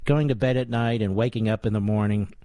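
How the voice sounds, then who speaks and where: A man's voice: fairly low pitch, steady tone, fairly quick, dark tone, no room sound. A man in his sixties hosting a radio talk show, giving combative, sarcastic political commentary full of rhetorical questions. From United States. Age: 60s.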